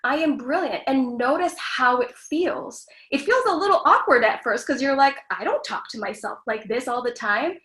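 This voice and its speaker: A woman's voice: sits high, animated, normal speed, hardly any pauses, a bit bright, roomy sound, rough recording. A woman actress speaking as a guest, giving frank, earnest self-help advice in a casual, lightly profane way. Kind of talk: candid self-help talk.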